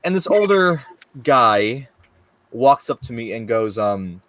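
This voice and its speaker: A man's voice: mid-range voice, very animated, slow, a bit bright. A man with a New York accent, telling a story in casual chat, laughing often and full of fillers. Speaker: panelist telling a film-shoot story.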